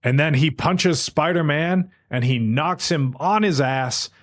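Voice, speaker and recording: A man hosting a podcast, recapping an anime episode in animated, casual storytelling with some swearing. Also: a little high. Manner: animated storytelling, swaps between narration and quick quoted lines; casual and profane. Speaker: podcast host.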